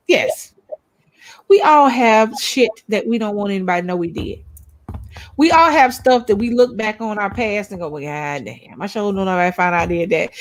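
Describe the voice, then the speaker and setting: High-voiced lady co-host, outspoken, curses a lot, says things twice to make her point. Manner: blunt and outspoken, swears freely; emphatic, repeats points for effect. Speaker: co-host of a couples' YouTube channel. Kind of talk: casual opinionated chat.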